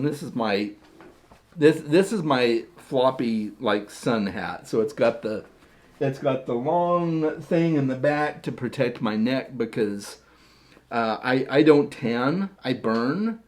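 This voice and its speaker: A man's voice: medium pitch, slow, a little mellow. A man chatting casually to camera as a vlogger, chatty and self-deprecating, often repeating words as he talks. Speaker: vlogger showing his hat collection.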